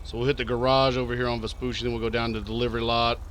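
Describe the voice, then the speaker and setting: Brash, bright-voiced Texan man streaming. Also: medium pitch, little pitch movement, rapid-fire, slight background noise. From Texas. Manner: profane, brash, chatty, reads chat aloud. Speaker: streamer playing a police officer in a role-play game. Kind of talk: casual live-stream chat while role-playing a cop.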